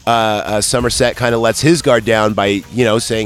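A man co-hosting a casual movie podcast, rambling and swearing as he acts out scenes in quick voices. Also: fairly low pitch, fairly even intonation. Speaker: podcast co-host.

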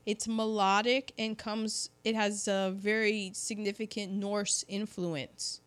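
A woman in casual conversation, talking in an animated way and slipping into voices when she quotes people. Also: medium pitch, slow. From California. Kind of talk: casual chat.

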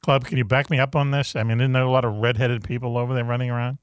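A man's voice: mid-range voice, level tone, racing, clean tone, no echo, clean studio sound. A man hosting a casual radio chat, joking and laughing as he leads a countdown list. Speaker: host.

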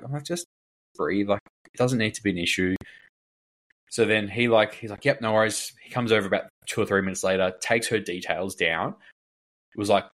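A man's voice: lowish voice, a bit bright. A man, a fitness coach, chatting casually on a podcast and telling a long story full of filler words while acting out what other people said. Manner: rambling storyteller, heavy filler words, acts out quoted people.

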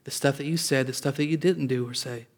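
A man's voice: mid-range voice, fairly even intonation, quick pace. Conversational preaching man. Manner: conversational preaching with frequent restarts and call-outs of "amen". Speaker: pastor. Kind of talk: sermon.

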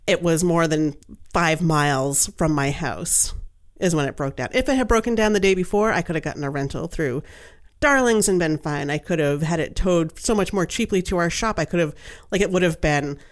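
A woman telling a long story in casual chat, animated and chatty, laughing often and filling her talk with fillers. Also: low voice, moderate pace.

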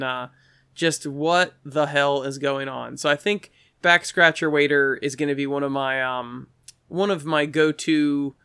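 A man's voice: pushed and bright, clear, resonant tone, dry recording, studio quality. A man telling a rambling story in casual chat, breaking into quoted voices now and then. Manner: rambling, acts out quoted voices with pitch jumps.

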